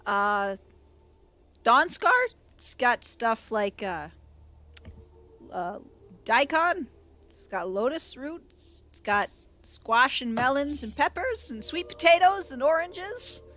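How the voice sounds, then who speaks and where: A woman's voice: high-pitched, very animated, takes it slowly, bright, forceful tone. A woman narrating as game master of a tabletop game, chatty and self-deprecating.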